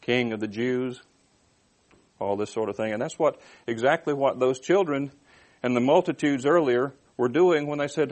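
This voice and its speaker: A man's voice: medium pitch, normal speed, darkish tone. A man giving an expository sermon, reading verses aloud and then unpacking them. His voice sits in a middle register, and he speaks in a plain, conversational way with frequent restarts and asides to his listeners. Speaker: preacher. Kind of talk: expository Bible teaching.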